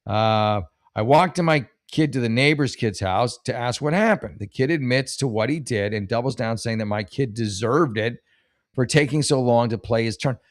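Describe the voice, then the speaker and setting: A man's voice: medium pitch, moderate pace. A middle-aged man hosting a casual advice show. He reads listener questions and rambles through jokes and personal stories, with many restarts. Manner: rambling, jokey, many restarts and self-corrections.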